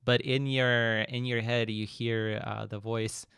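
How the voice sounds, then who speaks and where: A man's voice: medium pitch, little pitch movement, vocal fry, a bit bright, clear, resonant tone, dry recording, studio quality. A man acting as game master, narrating and explaining rules with many fillers and frequent laughs. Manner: laughs often, halting fillers. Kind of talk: running a tabletop game.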